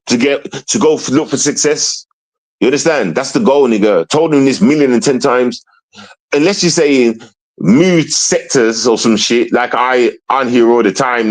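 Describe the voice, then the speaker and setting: A man's voice: mid-range voice, low-quality recording. A young man chatting casually to his livestream viewers, rambling and mock-sad, calling out to everybody again and again.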